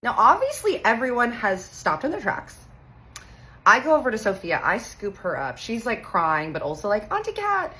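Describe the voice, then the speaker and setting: A woman in her thirties from Texas, telling a funny personal story in a casual, animated way, acting out the voices and swearing playfully. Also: medium pitch, moderate pace, poor audio. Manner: animated, acts out quoted voices, playful cursing.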